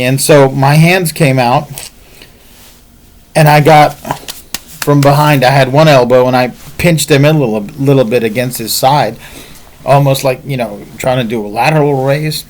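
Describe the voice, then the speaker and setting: A man's voice: mid-range voice, unhurried. A man telling a martial arts story in a casual, rambling way, with frequent fillers.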